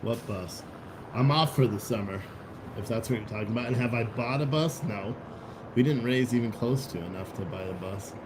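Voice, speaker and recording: A man's voice: mid-range voice, normal speed, background noise. Blunt rambling man hosting a livestream. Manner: rambling, blunt, profane, with restarts. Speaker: livestream host. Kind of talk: casual livestream commentary reading chat.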